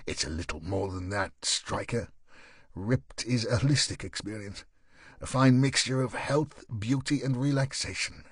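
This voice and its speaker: A man's voice: lowish voice, unhurried, fairly bright tone, slightly rough, no room sound, studio quality. A man doing a growling, curt husband. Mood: defensive. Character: defensive, irritable male gym owner.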